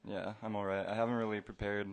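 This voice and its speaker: A man's voice: fairly low pitch, flat delivery. A man who sings and plays guitar, introducing himself on stage without preparing, hesitant and full of fillers. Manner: hesitant, slow and quiet with fillers. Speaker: singer and guitarist.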